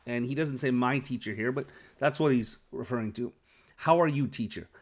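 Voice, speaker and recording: A mid-range male voice at normal speed delivers an Arabic vocabulary lesson. The teacher isn't a native speaker of Arabic; he explains patiently and keeps checking comprehension with "okay?"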